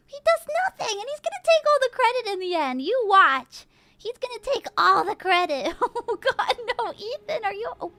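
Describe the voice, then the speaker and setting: A woman streamer playing a video game, reacting loudly with laughter and shouts. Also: very high voice, sing-song, moderate pace, dry recording. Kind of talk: let's play commentary. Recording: game music playing behind.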